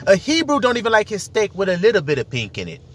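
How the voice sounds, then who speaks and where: A man's voice: high voice, wildly swooping pitch, fast talker. A man preaching in an emphatic, rambling monologue, full of rhetorical questions.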